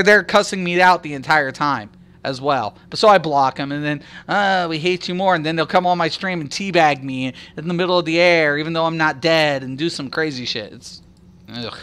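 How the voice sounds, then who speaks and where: A smooth, fairly high, bright and forceful male voice carries a casual game-stream chat. The man rambles, curses, laughs often, and puts on other people's voices while sharing anecdotes.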